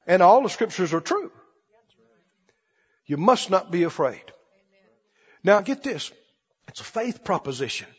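A man with a very high, lively voice preaches with emphatic force, swinging between quiet asides and loud declarations. His tone is slightly husky, and the dull recording carries the long reverb of a big hall. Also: measured pace, long pauses. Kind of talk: sermon.

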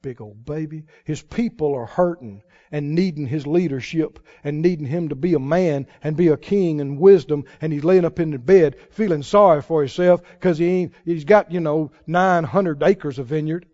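A man preaching a sermon dramatically, swinging between booming lines and hushed asides. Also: moderate pace, hardly any pauses, dry recording. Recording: dull lo-fi, dry sermon recording.

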